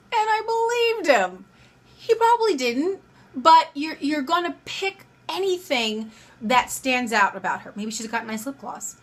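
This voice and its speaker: A young woman with a high, bright voice talks through dating advice to camera. She is chatty and loose, acting out little back-and-forth scenes between a guy and a girl as she goes. Her voice rises and dips a lot as she jumps between the speakers in her stories. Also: big pitch swings, normal speed. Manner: chatty, acts out both sides of pickup lines. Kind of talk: casual advice monologue.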